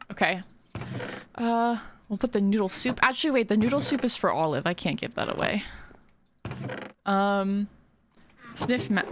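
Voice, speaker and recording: Animated, giggly woman streaming a game. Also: medium pitch, slight background noise. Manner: chatty, giggly, talks to chat. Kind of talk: casual livestream chat while playing.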